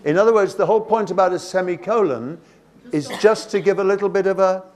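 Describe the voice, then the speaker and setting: A man's voice: high-pitched, fast talker. A man leading a teacher workshop, reading poem lines aloud and asking the room questions, with many restarts. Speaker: teacher trainer.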